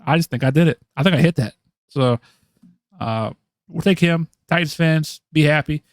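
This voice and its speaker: A man's voice: a little high, normal speed, no room sound, clean studio sound. A man co-hosting a podcast, talking through draft picks in casual chat, thinking aloud with many ums and restarts. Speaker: podcast co-host.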